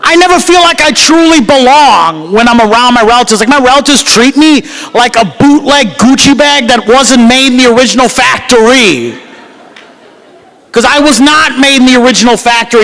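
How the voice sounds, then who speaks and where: Guy doing stand-up at a banquet, high voice, loud and self-mocking. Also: animated, brisk, rough recording. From United States. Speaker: stand-up comedian. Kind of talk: stand-up comedy set. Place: gala banquet hall with live crowd.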